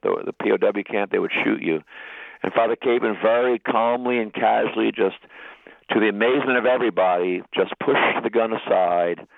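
A bishop telling stories as a guest in a radio interview, earnest and halting with restarts. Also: male voice, fairly low pitch, creaky, dry recording. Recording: tinny phone line.

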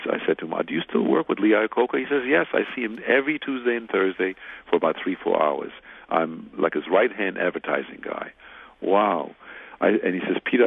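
A man's voice: low-pitched, gravelly, breathy edge, dry recording. An older man telling a long anecdote as an interview guest, acting out the other people's lines as he goes. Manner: rambling, animated retelling with quoted dialogue. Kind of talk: anecdotal storytelling. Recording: tinny phone-like line.

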